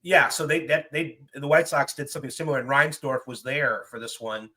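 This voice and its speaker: A man's voice: mid-range voice, steady tone, a little fast, sharp tone. A man, co-hosting a casual chat with easygoing, wry asides. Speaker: podcast co-host.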